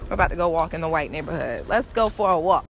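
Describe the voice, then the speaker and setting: A woman vlogger chats into her phone from her truck and then while walking outside, animated and talkative, cursing freely. Her voice is low and fast, and outdoor noise and traffic run under the recording.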